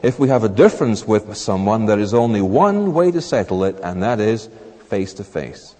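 A man preaching a sermon in a church hall, animated, acting out little scenes in raised voices. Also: lowish voice, moderate pace. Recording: long reverb of a large hall.

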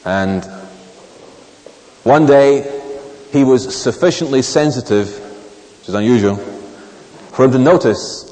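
A man preaching a sermon, reading scripture slowly and emphatically, then telling stories with dry, wry asides. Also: mellow. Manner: measured, emphatic, drops low on key words. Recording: long reverb of a large hall.

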